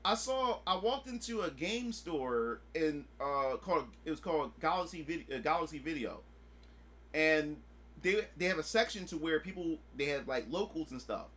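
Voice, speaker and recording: A man streaming a casual chat, excitable and swearing freely, acting out his own past reactions. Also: on the high side, moderate pace. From United States.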